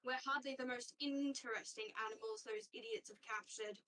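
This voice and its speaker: A woman's voice: on the high side, fairly even intonation, moderate pace, bright, forceful tone, distant mic, poor audio. A woman voicing a weary, sardonic female Maine Coon cat who sounds scornful and resigned.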